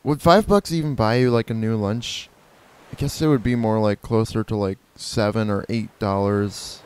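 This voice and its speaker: A man's voice: on the low side, normal speed, clean tone. A man casually commenting on his own gameplay, rambling playfully and correcting himself as he goes. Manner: rambling, playful, self-correcting, imitates creature cries. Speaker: gameplay video host. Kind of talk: casual let's-play commentary.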